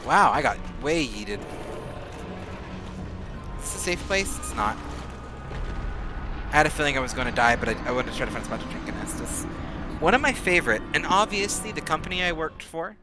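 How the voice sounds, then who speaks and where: A man chatting casually while streaming a game, rambling and often speeding up into rapid talk. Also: a little high, over music. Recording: steady background noise.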